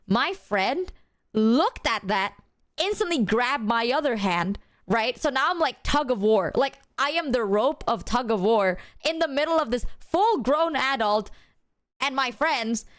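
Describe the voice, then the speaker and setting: A young woman streaming, her voice sitting a little high and recorded dry and close. She tells her story to chat loosely and animatedly. Fillers and casual swearing spill out as she goes. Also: animated, measured pace, no echo.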